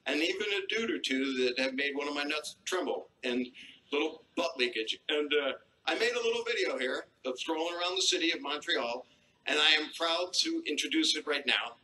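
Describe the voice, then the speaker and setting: A man's voice: fairly high pitch, expressive, normal speed, pushed and bright. A man hosting a comedy show on a theater stage, making brash, crude jokes in a mock-sincere tone. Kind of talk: stand-up hosting and video narration. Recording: roomy theater sound with broadcast hiss.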